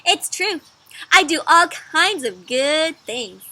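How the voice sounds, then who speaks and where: A woman's voice: high-pitched, expressive, pitched above the performer's own voice, heavily acted. A woman voicing a cheerful, helpful male egg who is proud of being good, in a children's storybook read-aloud, eager and emphatic. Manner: bright, eager, slow emphatic delivery.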